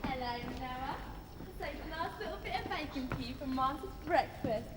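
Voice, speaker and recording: An actress playing a fussy, theatrical middle-aged undertaker's wife on a theatre stage, in amateur stage musical style. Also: female voice, sits high, animated, moderate pace, background noise. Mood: fussing. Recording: echoey hall from far off, music.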